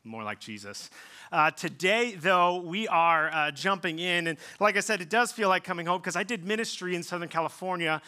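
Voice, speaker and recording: A man's voice: high-pitched, lively intonation, moderate pace, pushed and bright. A pastor in his thirties preaching a sermon, telling stories in a casual, self-deprecating way with plenty of ums and likes. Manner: conversational storytelling with self-deprecating humor; casual fillers like um and like.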